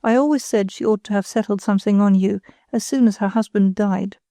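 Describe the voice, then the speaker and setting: A woman's voice: mid-range voice, brisk, warm tone, no room sound, clean studio sound, close to an everyday voice. A woman reading the part of a young man, a blunt and scornful brother.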